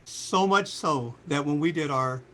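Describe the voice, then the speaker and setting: An older man in his sixties tells anecdotes as an interview guest. His voice sits fairly high, bright and forceful. He acts out quotes with sudden high jumps. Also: a little slow, slight background noise. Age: 60s. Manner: lively storyteller, voices quotes with big pitch jumps. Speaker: singer and guest. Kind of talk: animated storytelling interview.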